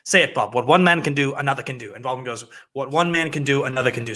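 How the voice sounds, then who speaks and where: Bright-voiced, eager podcast co-host. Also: male voice, a little high, expressive, fast, hardly any pauses. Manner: enthusiastic, retells scenes with acted-out dialogue. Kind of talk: casual movie podcast chat.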